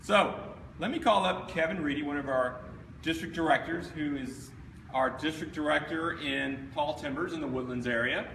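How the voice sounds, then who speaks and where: A man's voice: a little high, moderate pace, creaky, sharp tone. A man leading a scouting volunteer training, speaking directly and upbeat to the room. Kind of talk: training presentation. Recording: echoey hall, mic far off, background noise.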